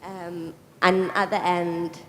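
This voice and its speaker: A woman in the audience, teary with happiness and giggly, asking an excited question. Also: lowish voice, slow pace. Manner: excited, giggly, says "like" a lot. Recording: reverberant festival tent, faint noise.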